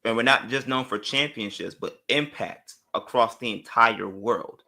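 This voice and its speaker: Man guest on a sports show, bright and sharp tone, opinionated, quick to make his point. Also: medium pitch, creaky. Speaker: guest analyst. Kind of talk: casual sports talk.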